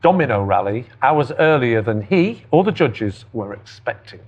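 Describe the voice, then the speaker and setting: A man, a team captain on a comedy panel show, teasing with quick jokes. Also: mid-range voice, sing-song, darkish tone, muffled recording. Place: TV studio with live audience.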